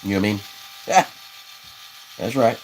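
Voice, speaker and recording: A man hosts a livestream while building custom fishing rods, rambling in a folksy way, reading viewer comments and laughing at his own tales. His lowish voice is expressive and moderately paced, and the poor audio carries a little hiss or hum.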